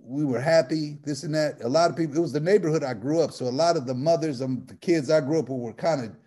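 Animated slangy man spinning a story. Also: a little high, fast talker. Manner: slangy, animated, laughs through his punchlines. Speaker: guest comedian telling a life story. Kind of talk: casual storytelling.

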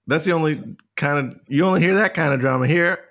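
A man's voice: a little high, fast talker, a bit bright. A man co-hosting a trivia game, chatting casually, laughing often and telling a rambling story. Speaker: trivia show co-host.

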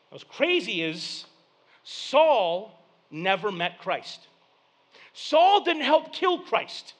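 A man in his thirties delivers a sermon, acting out the story with voices and asides. His voice sits high and swings widely in pitch. It has a bright, sharp edge. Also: slow. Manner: animated storytelling with acted-out voices and jokes. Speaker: pastor.

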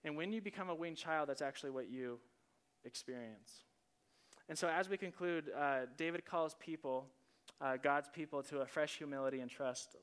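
A man preaching a sermon as a pastor, in an earnest, animated, conversational way, often starting with "listen". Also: on the high side, moderate pace, clear, resonant tone.

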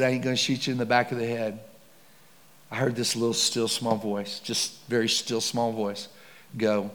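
A man preaching with dramatic storytelling, swinging from hushed to loud and excited. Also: mid-range voice. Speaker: pastor. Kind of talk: sermon storytelling. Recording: long hall reverb.

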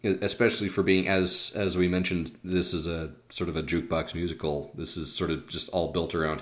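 A man's voice: deep voice, little pitch movement, fairly quick, hardly any pauses. A man co-hosting a casual film podcast, talking with frequent hesitations and restarts. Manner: hesitant, many restarts and fillers. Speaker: podcast co-host.

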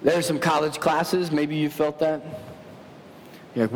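Guy preaching, kinda high voice, jokey self-mocking stories, big echoey hall w a low rumble. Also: a little slow. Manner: animated, self-mocking storytelling. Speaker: pastor. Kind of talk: sermon. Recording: long hall reverb with faint rumble.

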